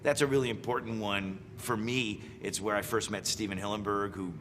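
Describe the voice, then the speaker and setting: A man's voice: fairly low pitch, steady tone, a little fast, in a large hall, background noise. A middle-aged man, a voice actor, giving wry, playful commentary on impressions of his characters. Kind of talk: casual reaction commentary.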